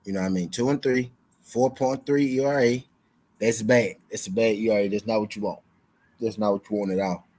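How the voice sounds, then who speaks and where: A man's voice: fairly low pitch, fairly even intonation, a little fast, dark tone, poor audio. A young man hosting a sports betting stream in loose, slangy casual chat, repeating his lines for emphasis. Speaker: sports betting show host.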